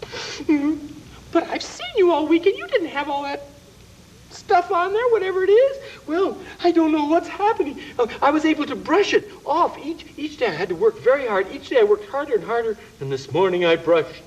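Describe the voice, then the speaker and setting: Man doing a gentle little clown, high voice, lively, hesitant, dull old audio. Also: normal speed, slight background noise. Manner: soothing, hesitant. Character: gentle, earnest little male clown puppet.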